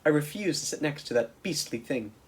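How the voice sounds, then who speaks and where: A man voicing a small, polite, brave young girl who speaks softly and often whispers. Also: a little high, lively intonation, a little fast, husky. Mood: earnest.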